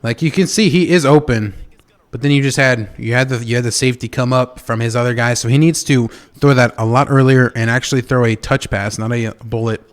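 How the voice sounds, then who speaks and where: Casual male esports play-by-play caster. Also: mid-range voice. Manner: casual, chatty calls with quick bursts of excitement. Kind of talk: play-by-play commentary.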